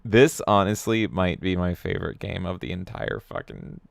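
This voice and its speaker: A man co-hosts a podcast in casual live-stream chat, animated and quick to swear. His voice is smooth and resonant at a middle pitch. The sound is close and dry. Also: no room sound. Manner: animated, swears often, jokey. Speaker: podcast co-host.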